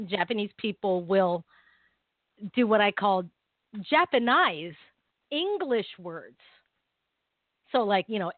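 A woman's voice: mid-range voice, no echo. A woman from the Philippines co-hosting a casual talk radio show, giggling as she tries out holiday greetings. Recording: tinny phone-line sound.

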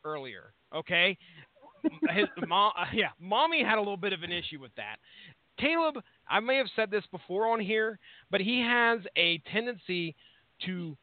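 High-voiced man on a tinny line. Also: very animated, normal speed, no echo. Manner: rambling, swears freely. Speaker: podcast co-host. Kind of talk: casual profane chat. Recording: tinny phone-like line, dry.

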